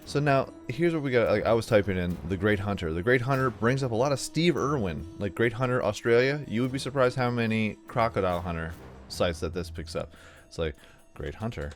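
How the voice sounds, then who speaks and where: Young male let's-play host, low voice, rambling casual chatter, soft music under. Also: lively intonation, fairly quick. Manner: chatty, rambling, self-mocking. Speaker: gaming video host.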